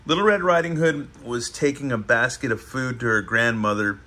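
A man's voice: mid-range voice, normal speed, bright, forceful tone. A young man casually reading a children's picture book aloud, joking and laughing as he goes. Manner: laughing often, loose and joking. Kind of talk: casual storybook read-aloud with chat.

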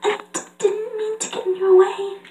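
A woman's voice: extremely high pitch, level tone, normal speed, mellow, far from the mic, pitched above the performer's own voice. Woman doing a timid, apologetic cartoon pony girl. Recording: roomy echo.

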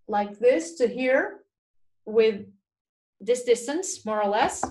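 A woman presenting a webinar, reading out audience questions and answering them in a chatty way with many fillers. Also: fairly high pitch. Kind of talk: live webinar Q&A. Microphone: small video mic or phone.

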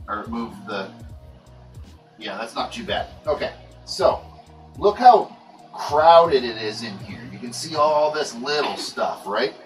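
A man's voice: mid-range voice, a bit bright. A man hosting a casual livestream while working with plants, talking in a laid-back, rambling way with many fillers. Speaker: livestream host. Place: indoor grow room. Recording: echoey room, voice far from mic, faint music.

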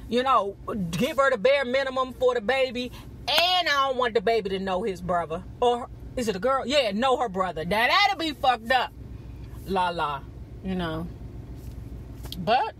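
Woman gossip vlogger, sassy and profane, bright, high voice, faint noise behind. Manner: sassy and profane, with frequent "child" and "baby". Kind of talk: casual gossip commentary. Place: not on camera, audio-only.

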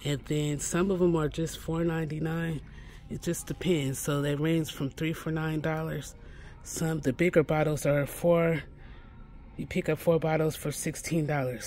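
A man's voice: on the high side, darkish tone. A man giving a casual shopping walkthrough inside a pharmacy store, chatty and correcting himself as he repeats the prices. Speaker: shopping vlogger.

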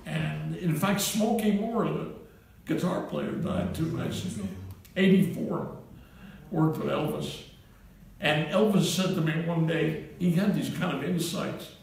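A man's voice: a little high, measured pace, gravelly, a little mellow. A man in his eighties, a comedian, telling a rambling string of anecdotes to a live audience and chuckling at his own punchlines. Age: 80s. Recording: roomy, distant mic, faint hiss.

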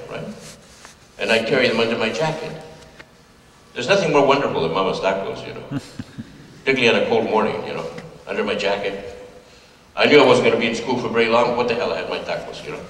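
A man's voice: medium pitch, a bit bright, slight background noise. An older man from California telling personal stories to an audience in a folksy, conversational way, laughing now and then at his own jokes. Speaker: speaker giving a talk. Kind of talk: storytelling talk to an audience. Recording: echoey hall, voice from far off.

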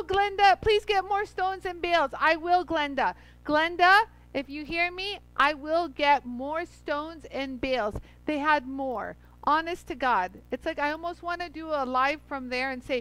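High pitched gal chatting away on a live stream, bubbly, keeps saying hi to folks. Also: female voice, bright, forceful tone, poor audio. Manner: chatty and effusive, greets viewers by name; laughs often. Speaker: livestream host demonstrating stone grinding. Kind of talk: casual livestream chat and demo.

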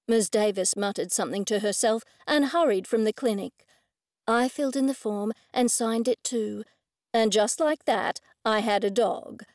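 Female audiobook narrator, first-person cozy mystery, fairly high voice, dry close recording. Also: darkish tone, dry recording.

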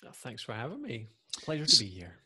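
A man's voice: medium pitch, huge pitch swings, brisk, sharp tone, slightly rough. A man with a Scottish accent, chatting casually as a podcast guest in a self-deprecating, chatty way. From Scotland. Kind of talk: casual interview chat.

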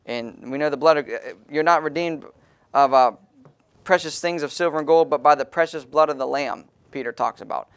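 Fairly high-voiced preaching pastor. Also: male voice, fairly quick, smooth. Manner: emphatic preaching, calls on congregants to read verses. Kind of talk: sermon.

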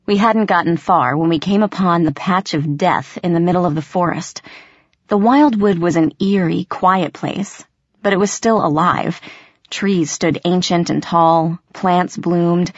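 A woman reading a first-person fantasy audiobook in steady, measured storytelling narration. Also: fairly low pitch, no echo, lo-fi sound.

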